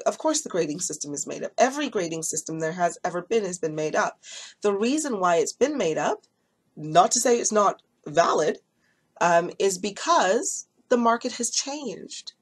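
A woman who runs a hair extension business, chatting casually to camera and telling a story with lots of ums and acted-out quotes. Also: fairly low pitch. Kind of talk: casual talking-head vlog.

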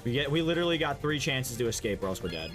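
An excitable man co-hosting a game playthrough, his pitch swinging wildly as he laughs and swears. Game music plays clearly behind him. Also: rapid-fire. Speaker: gaming co-host. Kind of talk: casual gaming chat.

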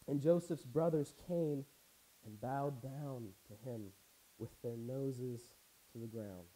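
A man's voice: on the high side, warm tone, poor audio. A man preaching a casual sermon, reading scripture aloud and adding wry, conversational asides. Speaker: pastor. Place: church.

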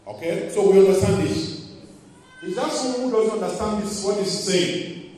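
A man's voice: sits high, moderate pace, darkish tone. A man preaching a sermon in church, calling out to the congregation and asking them to answer. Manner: call-and-response preaching to the congregation. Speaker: pastor. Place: church hall. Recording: echoey hall, preacher far from the mic.

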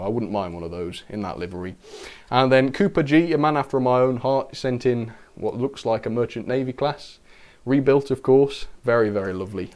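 A man's voice: mid-range voice, darkish tone. A man hosting a casual model train live stream, chatting upbeat and thanking viewers. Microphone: camera-mounted microphone.

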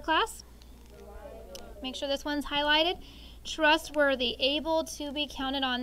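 A woman teacher leading a classroom vocabulary lesson, explaining words clearly and drawing them out syllable by syllable. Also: sits high, fairly bright tone, low-quality recording.

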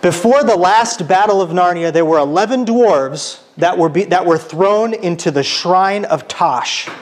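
A man's voice: sits high, unhurried. A man giving a casual church lecture, informal and self-correcting, asking the audience questions and reading aloud. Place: church hall.

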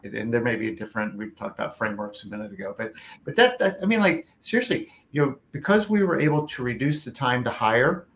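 Man host, mid-pitched, easygoing anecdote-teller, faint room noise. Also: big pitch swings, fast, few pauses, a bit bright. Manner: chatty, tells anecdotes, hedges with "like" and "you know". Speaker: host of a career show. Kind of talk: casual interview chat.

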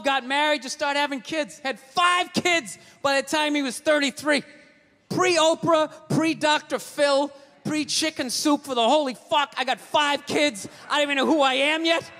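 A man doing a stand-up set on stage, ranting and swearing, often shouting his punchlines. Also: extremely high pitch, moderate pace. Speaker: stand-up comedian. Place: comedy stage before a laughing audience. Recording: live show, long hall reverb, faint noise.

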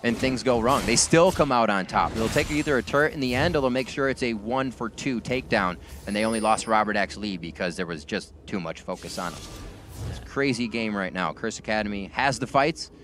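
A man doing play-by-play commentary on an esports match, whose voice jumps high and loud when fights break out. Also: a little fast, noisy background. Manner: erupts into high-pitched excitement during fights. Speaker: esports caster.

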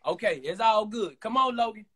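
A man hosting a livestream, loud and hyped, swearing and shouting to his viewers. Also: sits high, moderate pace. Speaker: livestream host.

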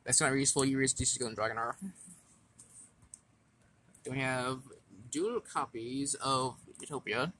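A man casually walking through his card game deck, reading effects aloud in a halting way with stumbles and restarts. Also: mid-range voice, bright, forceful tone, slight background noise.

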